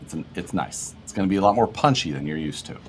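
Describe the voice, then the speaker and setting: A man co-hosting a casual livestream, relaxed, laughing often as he reads viewer comments aloud. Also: low voice, fast, faint music behind. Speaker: livestream co-host.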